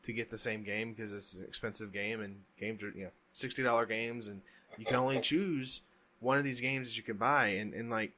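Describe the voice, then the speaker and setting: Bright, forceful man ranting on a podcast. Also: lowish voice, steady tone, fairly quick. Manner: emphatic, ranting. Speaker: podcast co-host. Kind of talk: casual chat.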